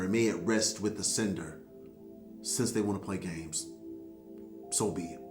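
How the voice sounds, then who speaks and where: A man giving a casual tarot reading, talking straight to the viewer in a sassy, blunt and profane way. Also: fairly low pitch. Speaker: tarot reader.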